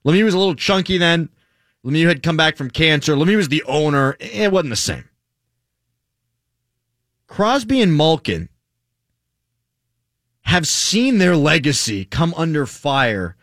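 A man hosting a casual sports talk show, animated and joking with his co-hosts. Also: fairly high pitch, measured pace, pauses often, dry recording, clean studio sound. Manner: animated, jokey, mock impressions. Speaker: sports talk radio host.

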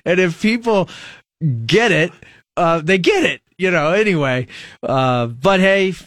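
A middle-aged American man hosts a radio show in a loose, rambling way, poking fun at his own mispronunciations. His voice sits a little high for a man. The studio sound is dry and close to the mic. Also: animated, unhurried, fairly bright tone, no room sound. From United States. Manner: rambling, self-mocking, laughs at himself. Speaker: radio host. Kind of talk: casual radio chat. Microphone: studio microphone.

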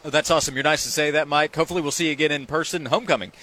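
Quick-talking male sports radio host. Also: fairly high pitch, fairly even intonation, sharp tone.

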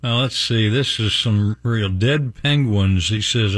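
Man, radio morning show host, jokey wordplay, slow unhurried talk, dry close studio mic. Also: on the low side, a bit bright, dry recording. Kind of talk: casual on-air banter and joke reading.

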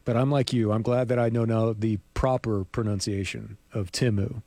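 A man's voice: on the low side, fairly even intonation, moderate pace, mellow, dry recording. A man co-hosting a sports talk show, chatting casually with rambling asides and frequent laughs. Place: radio studio.

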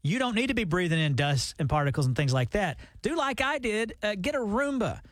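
A man co-hosting morning radio, teasing his partner in an exasperated, quick-retort way. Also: high voice, big pitch swings, a bit bright, no room sound. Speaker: radio co-host.

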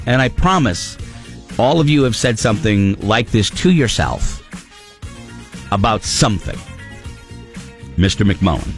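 A man's voice: on the low side, big pitch swings, a little slow, pauses often, soft background music. A middle-aged man hosting a radio show, bantering casually, joking and laughing often.

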